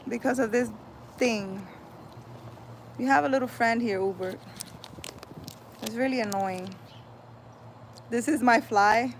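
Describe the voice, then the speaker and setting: A woman's voice: on the high side, takes it slowly, pauses often, slight background noise. A woman hosting a casual livestream outdoors, greeting viewers by name and chatting loosely as she reads their comments. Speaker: livestream host and spiritual healer.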